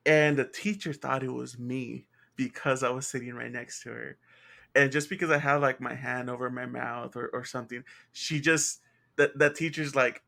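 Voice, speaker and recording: A young man and podcast co-host telling a story from school in casual chat, laughing often. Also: gravelly. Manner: slow, laughs a lot, lively pitch.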